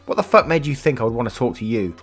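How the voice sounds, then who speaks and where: A man voicing an enraged nineteen-year-old woman who shouts and swears at her father. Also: mid-range voice, expressive, fast talker, husky, soft background music. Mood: furious.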